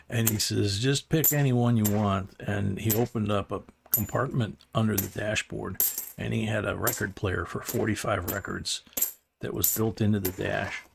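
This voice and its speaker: A man's voice: on the low side, level tone, measured pace, creaky, slight background noise. An older man hosting a live stream, telling a rambling story in a casual way, chuckling and restarting his sentences. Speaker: host.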